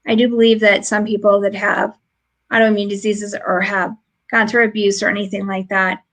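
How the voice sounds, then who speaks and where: A woman's voice: medium pitch, flat delivery, normal speed, fairly bright tone, rough recording. A woman podcast host chatting casually from home over a remote stream, telling stories and laughing often. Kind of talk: casual chat.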